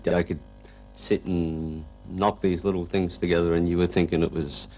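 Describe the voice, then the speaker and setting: Man, rock guitarist, very deep gravelly voice, rambling interview talk. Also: flat delivery, a little mellow, soft background music, rough recording. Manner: rambling and halting, full of "you know". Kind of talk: casual interview reminiscence.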